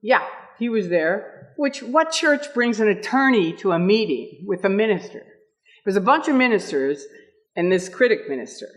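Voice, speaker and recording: A woman's voice: medium pitch, moderate pace. A woman in her sixties telling stories at a meetup, with lots of laughter and acted-out quotes. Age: 60s. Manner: lively, laughing, acts out quotes. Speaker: ex-member speaking at a meetup. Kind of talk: animated storytelling talk.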